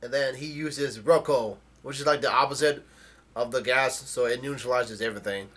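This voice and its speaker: Man, bright forceful voice, casual halting comic recap. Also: mid-range voice. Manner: halting, with frequent restarts while retelling scenes. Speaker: manga chapter reviewer.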